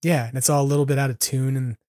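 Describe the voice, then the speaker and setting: A man co-hosting a casual podcast chat, rambling and animated with lots of fillers. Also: mid-range voice, very fast, no room sound, studio quality. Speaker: podcast co-host.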